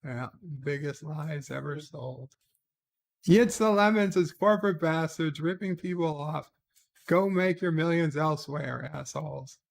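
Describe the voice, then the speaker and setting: A man's voice: fairly high pitch, unhurried, vocal fry. A man hosting a casual livestream, reading viewer comments aloud and answering each with short asides. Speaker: livestream host.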